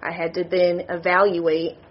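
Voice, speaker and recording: A woman's voice: fairly low pitch, completely flat delivery, measured pace, highs cut off. A woman on a university board, crying as she gives an emotional, apologetic statement at a public meeting. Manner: emotional, apologetic, tearful confession. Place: meeting room.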